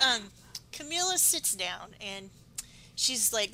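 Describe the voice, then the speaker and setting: A woman's voice: mid-range voice, animated, takes it slowly, pushed and bright, slight background noise, low-quality recording. A woman co-hosting a podcast, chatting emotionally about an episode and drifting into personal stories. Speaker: podcast co-host. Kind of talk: casual recap chat.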